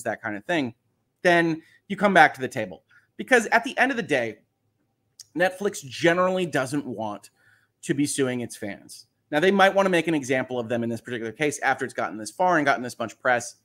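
A man's voice: mid-range voice, fairly bright tone. A man hosting a casual livestream, chatting in a rambling way, thinking aloud and reading viewer comments. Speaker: livestream host.

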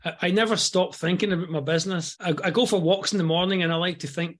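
This is a Scottish man in his fifties, appearing as a guest entrepreneur in a podcast interview. His high-pitched voice moves at a quick pace with fairly even intonation, and he speaks earnestly, often repeating words as he starts a thought.

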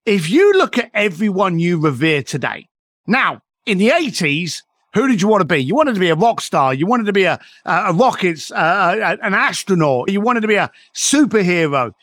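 Man, middle-aged, high lively voice, dry close sound, emphatic, profane. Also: normal speed, no echo. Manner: animated, emphatic, swears freely. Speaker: podcast guest. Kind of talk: motivational storytelling.

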